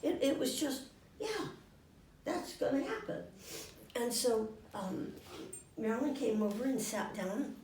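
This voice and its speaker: Older woman telling lively stories, getting over a cold. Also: a little high, unhurried, slight background noise. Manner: lively and animated, acts out the voices. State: finishing a cold. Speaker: guest storyteller. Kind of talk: anecdotes told to a small audience. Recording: roomy room, mic far off.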